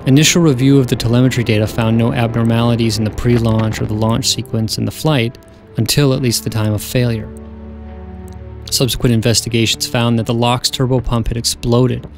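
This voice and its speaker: Man, scripted narration, even and factual, mid pitch, faint music underneath. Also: fairly quick, creaky.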